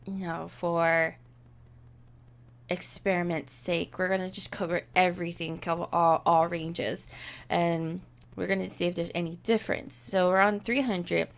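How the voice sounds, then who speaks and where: A woman streamer casually talking through microphone tests at home, chatty and unhurried, her voice cracking from screaming, on a desk microphone with a pop filter. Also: lowish voice, gravelly. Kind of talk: casual vlog talk to camera. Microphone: desk USB microphone with pop filter.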